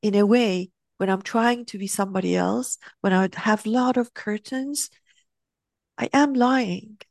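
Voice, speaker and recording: A woman's voice: medium pitch, measured pace, vocal fry, a little mellow, no room sound. Reflective woman telling stories, dry sound. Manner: reflective, acts out quoted voices animatedly. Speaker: guest sharing spiritual reflections. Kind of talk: conversational storytelling.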